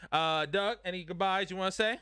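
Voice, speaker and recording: A man hosts a loose, joking group podcast, talking quickly and laughing often. His voice is bright and crisp, and the room sounds dry. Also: high voice, dry recording. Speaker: podcast host. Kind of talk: casual group chat. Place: studio room with several guests.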